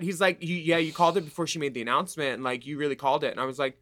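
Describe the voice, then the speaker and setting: A man's voice: on the high side, steady tone, rapid-fire, bright, forceful tone, no echo. A man co-hosting a podcast in casual chat, laughing often and acting out quoted conversations. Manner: chatty, laughing, acts out quoted dialogue. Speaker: podcast co-host.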